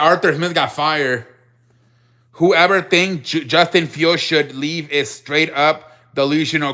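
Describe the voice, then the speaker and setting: Young guy rambling on his sports stream, kinda high bright voice, reading chat. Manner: rambling, restarts, reads chat aloud. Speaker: sports show host. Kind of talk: casual live-stream chat with viewers.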